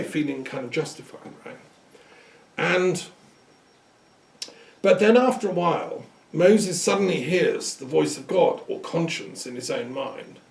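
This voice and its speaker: A man giving an informal lecture, telling a story in a conversational, rambling way with restarts and throat-clearing. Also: on the high side, far from the mic. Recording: echoey room, speaker away from the mic.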